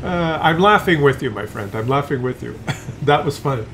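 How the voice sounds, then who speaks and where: A man's voice: medium pitch, expressive, moderate pace, fairly bright tone, a little hiss or hum. A man giving casual, chatty commentary on a tank game replay, teasing the player and chuckling with viewers.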